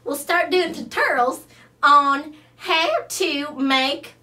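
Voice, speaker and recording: A woman's voice: high voice, lively intonation, slow, bright, forceful tone, recorded from a distance, heavily acted. A woman voicing a flamboyant Southern belle who calls everyone darling. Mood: gushing.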